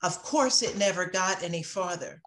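A woman in her sixties, an author speaking in an interview, impassioned and reflective, moving between emphatic and hushed moments. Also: lowish voice, moderate pace. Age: 60s. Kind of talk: interview conversation.

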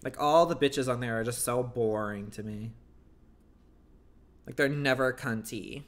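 A man's voice: mid-range voice, a little slow. A man livestreaming, chatting casually in a blunt, catty and profane way. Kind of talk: casual chat.

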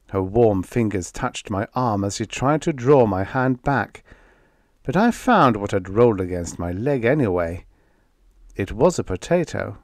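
Slow, expressive male audiobook narrator. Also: on the low side, no room sound, studio quality. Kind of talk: scripted first-person story narration.

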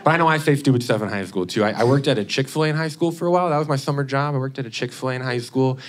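A man's voice: mid-range voice, racing, background noise. A young man from Indiana performing a stand-up set, chatty and tagging his lines with "okay?". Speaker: stand-up comedian. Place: comedy club stage with a laughing audience.

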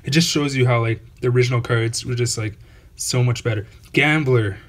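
A man's voice: medium pitch, moderate pace. A man hosting his own channel, giving casual unboxing commentary, awestruck and repeating exclamations over and over. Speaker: channel host opening trading card packs.

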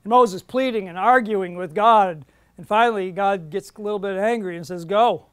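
A man's voice: high voice, normal speed, clear, resonant tone, no echo, clean studio sound. A middle-aged man giving a Bible study lecture, earnest and emphatic when he reads out verses. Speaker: Bible teacher.

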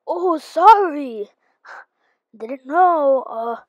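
A woman's voice: sits high, slow pace, long pauses, no echo. A woman playing through a game role-play, exasperated and sighing often. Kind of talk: casual role-play narration.

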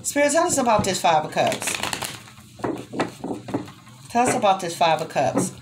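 A woman's voice: medium pitch, sing-song, moderate pace, very noisy. A young adult woman giving an emotional tarot reading to her viewers, swearing freely and speaking tenderly to the listener. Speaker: tarot reader.

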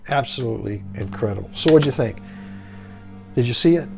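A man's voice: mid-range voice, animated, a little fast, creaky, darkish tone, faint music behind. A middle-aged man giving a casual home movie review, enthusiastic and repetitive, leaning hard on key words, in his home theater room.

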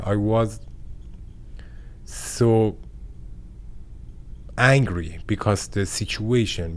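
A young man with a Persian accent, a boxer and a guest in a studio interview, speaking halting English and searching for words. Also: on the low side. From Iran. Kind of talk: interview conversation. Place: podcast studio.

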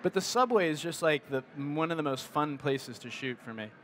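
Man, middle-aged, high-pitched, rambling presentation talk, lots of "like" and restarts. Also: animated, moderate pace, a bit bright, a little hiss or hum. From United States. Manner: rambling, many fillers and restarts. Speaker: photographer giving a presentation. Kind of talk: casual talk to an audience.

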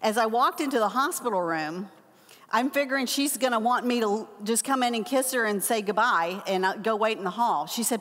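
An older woman teaching a Bible lesson, telling a personal story with animated acted-out quotes. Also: on the high side, brisk. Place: church hall. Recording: long hall reverb.

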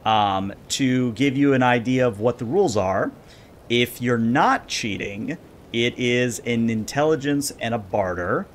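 Relaxed male game master. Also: mid-range voice, measured pace, a little hiss or hum. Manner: relaxed, with many fillers. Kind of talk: narrating a tabletop game.

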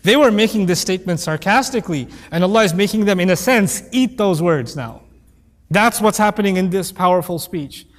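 A Quran teacher gives a lecture-style commentary in a conversational way, joking and acting out the voices he quotes. His voice is high, animated, and fairly quick, and the recording carries a long hall reverb.

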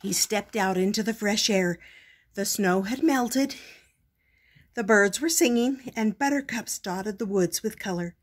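An older woman reading a picture book aloud as a storytelling grandmother, gentle and expressive. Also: mid-range voice, a little slow, slightly rough.

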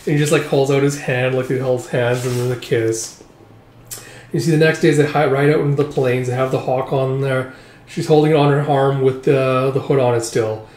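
A man's voice: mid-range voice, fairly even intonation, moderate pace, a little mellow, slight background noise. A man recapping a manga in a casual vlog, rambling with lots of "it's like" and "just, like" between his summaries. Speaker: manga reviewer. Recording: roomy echo.

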